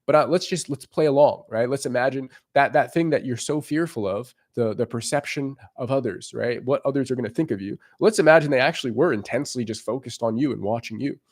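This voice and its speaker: A dating coach with a medium-pitched voice talks fast with few pauses in a casual, emphatic monologue of dating advice. He swears freely, keeps asking "right?", and acts out what strangers might be thinking.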